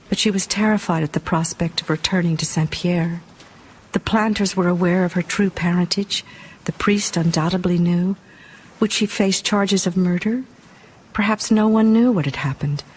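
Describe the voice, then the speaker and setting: A woman narrating an audiobook in a measured, dramatic reading style. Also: fairly low pitch, a little mellow, breathy edge.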